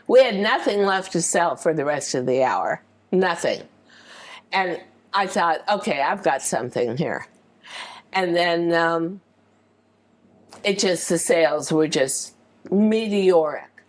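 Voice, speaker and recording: An older American woman telling stories from her career in an interview, animated and acting out the people she quotes. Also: fairly low pitch, takes it slowly. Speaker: interview guest. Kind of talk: storytelling in an interview.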